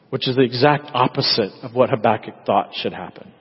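Husky preacher in an echoey church. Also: male voice, mid-range voice, a little fast, few pauses. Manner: conversational, acts out prayers in quoted voices. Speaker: pastor. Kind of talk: sermon. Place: church sanctuary. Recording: echoey hall, dull lo-fi sound.

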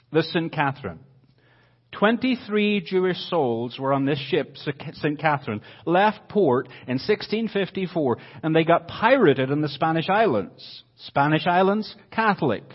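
A man in his fifties preaching to a church congregation as a visiting mission speaker, swinging from loud declarations to hushed drops. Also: fairly high pitch. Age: 50s. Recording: dull lo-fi recording.

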